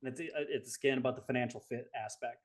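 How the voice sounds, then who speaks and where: A man from Southern California co-hosting a webinar, explaining things through drawn-out analogies. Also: mid-range voice. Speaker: co-host. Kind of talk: webinar talk.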